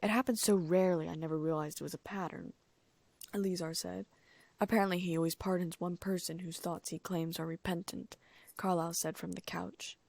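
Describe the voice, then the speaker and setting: A woman's voice: fairly low pitch, fairly even intonation, fairly quick, creaky, a little mellow, dry recording. A woman narrating a first-person audiobook, reading the dialogue in her own voice with small lifts for each character.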